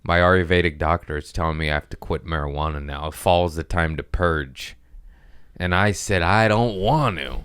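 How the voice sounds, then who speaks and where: A man's voice: a bass voice, steady tone, normal speed, a bit bright, smooth, no room sound, studio quality. A man hosting a casual comedy podcast, rambling in a profane, self-mocking way. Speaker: podcast host. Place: at home, gardeners working outside.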